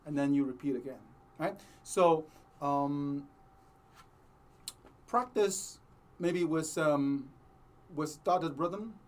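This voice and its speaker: A man teaching a cello lesson, explaining slowly and patiently with many pauses, sometimes singing the phrases he means. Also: on the high side. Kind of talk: music lesson with sung demonstrations.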